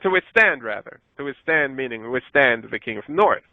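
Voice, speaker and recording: A man's voice: a little fast, dry recording. Man teaching scripture over a thin phone-like line. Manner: rises in pitch when reading scripture aloud, self-correcting. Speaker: Bible teacher. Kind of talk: scripture lesson with slides. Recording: dry, phone-like narrow sound.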